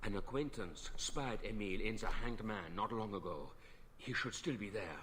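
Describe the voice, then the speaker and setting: A man's voice: lowish voice, moderate pace, a bit bright, slight background noise, natural voice. An actor voicing a stern, worried nobleman father in a video game. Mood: pleading. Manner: stern, pleading.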